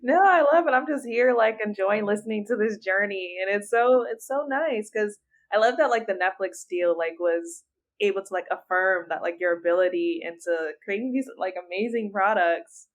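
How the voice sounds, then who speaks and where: A woman's voice: mid-range voice, moderate pace. A young woman hosting a podcast in casual chat, upbeat and affirming, with many fillers. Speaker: podcast host.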